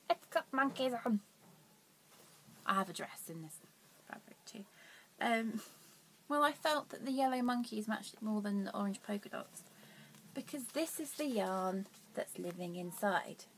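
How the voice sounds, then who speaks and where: A woman's voice: a little high, a little hiss or hum. A young woman hosting a casual knitting vlog, rambling and self-deprecating, with her voice dropping to near whispers at times. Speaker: knitting podcast host.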